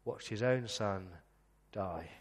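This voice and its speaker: A man preaching a sermon as pastor, earnest, slowing down to read scripture passages aloud. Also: lowish voice, big-room sound. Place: church.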